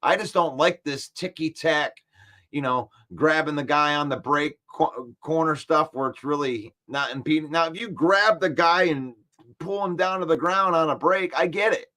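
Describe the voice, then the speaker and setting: Male sports-stream host, fairly high-pitched, animated and combative. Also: normal speed. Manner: animated, argumentative, repeats points for emphasis. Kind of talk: casual live-stream chat, reading comments.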